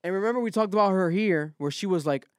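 Man, podcast host, casual profane chat, high-ish voice, dry close mic. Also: fast, clear, resonant tone, no echo. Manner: profane, loose retelling.

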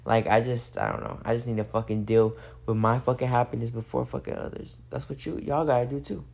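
An eighteen-year-old host rambles through a late-night solo podcast rant recorded on a phone. The talk is loose and profane, packed with "like" fillers, and comes from someone who is a little high. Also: fairly even intonation, fairly quick, creaky, a little mellow. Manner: rambling, profane, heavy use of "like".

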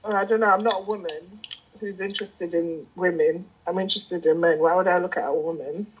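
A woman's voice: lowish voice, fairly even intonation, a little fast, husky, lo-fi sound. A woman hosting a late-night livestream in casual chat, playful and rambling, often laughing. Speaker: livestream host.

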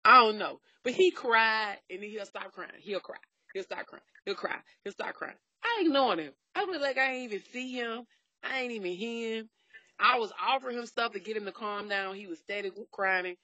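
A woman's voice: fairly high pitch, normal speed, no echo. A middle-aged woman in casual chat, talking bluntly and telling stories with lots of profanity. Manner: blunt, profane, animated storytelling.

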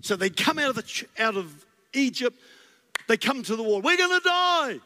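A man preaching as a guest, animated and full of rhetorical questions and stammered restarts, in a church. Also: sits high, fairly quick. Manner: animated, storytelling with acted voices. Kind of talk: sermon. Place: church sanctuary. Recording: long reverb in a large hall.

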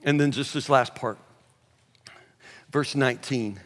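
A man preaching a sermon in a folksy way, repeating words, saying y'all, and dropping to a low, quiet voice for emphasis. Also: measured pace, long reverb tail. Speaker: pastor. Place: church hall.

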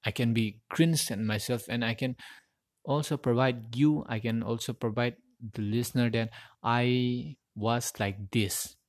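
A man's voice: mid-range voice, steady tone, a little slow, dry recording, studio quality. A man hosting a solo podcast, recorded on a USB mic plugged into his phone, rambling and repeating words as he searches for them. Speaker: podcast host.

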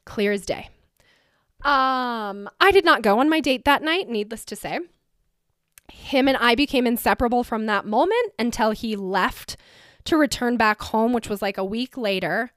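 A woman in her thirties from the United States hosts a personal podcast, recorded close and dry. Her voice sits a bit high. She talks in a chatty, emotional stream full of "like" and small restarts. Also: animated, normal speed, a bit bright, no room sound. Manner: chatty, emotional, heavy use of "like". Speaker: podcast host. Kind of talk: personal storytelling.

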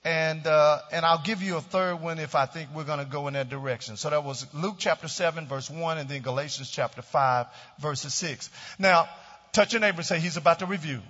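Pastor preaching in a reverberant church. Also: male voice, a little high, a little fast, bright, forceful tone. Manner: leads congregation in call-and-response declarations. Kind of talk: sermon. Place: church sanctuary. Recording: dull lo-fi church hall recording with long reverb.

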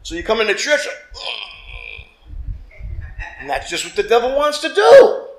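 A man preaching a lively sermon as pastor, acting out quotes and calling for amens from the congregation. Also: very high-pitched, fast. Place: church. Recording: echoey church room.

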